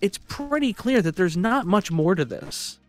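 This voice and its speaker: A man's voice: high-pitched, sing-song, measured pace, no echo, faint music behind. A man streaming live, chatting casually and rambling with frequent restarts, sounding exasperated. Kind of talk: casual livestream chat.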